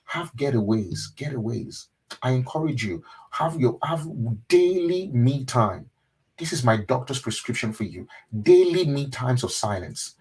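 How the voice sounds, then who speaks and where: A man who is a pastor, giving a motivational webinar talk in an earnest, repetitive way that often drops to a soft, intimate tone. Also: medium pitch, animated, moderate pace, breathy edge, low-quality recording. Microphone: webinar microphone.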